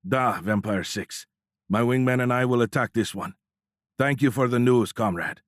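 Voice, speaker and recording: A man's voice: medium pitch, normal speed, dry recording, clean studio sound, lightly acted. A man voicing a tough Russian fighter-wing commander with a thick Russian accent and an ominous, formal manner. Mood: resolute. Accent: Russian, put on.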